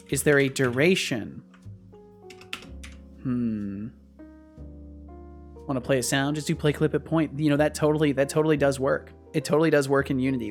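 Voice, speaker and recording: A man streaming live as he codes, thinking aloud and often repeating and restarting his phrases. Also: mid-range voice. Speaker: streamer and game developer.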